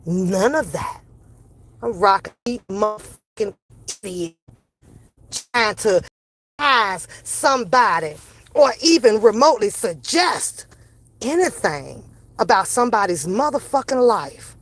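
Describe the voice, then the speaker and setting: A woman streamer with a mid-range, sing-song voice rants to her viewers, speaking a little slowly with long pauses and a slightly bright tone, with no room sound. Her commentary is brash, sassy and mocking, full of heavy swearing. She's confrontational and laughs between jabs.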